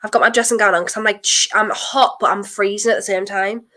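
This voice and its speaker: A young woman with a blocked nose, chatting nervously and excitedly through a live football watchalong and breaking into sudden exclamations. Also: mid-range voice, quick pace. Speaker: streamer hosting a football watchalong.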